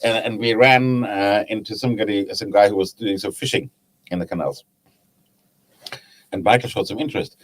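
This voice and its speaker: A man's voice: fairly low pitch, normal speed, long pauses, poor audio. A man with a German accent, a guest telling anecdotes in a casual chat about his woodturning club. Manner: chatty, laughs at his own anecdotes.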